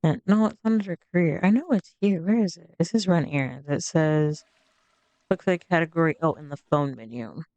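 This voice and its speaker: A woman chatting her way through a life-sim game, rambling with asides as she clicks around. Her voice is low and smooth, recorded dry and close. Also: moderate pace, mellow, no echo, lo-fi sound. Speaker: game streamer narrating gameplay. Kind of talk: casual let's-play commentary.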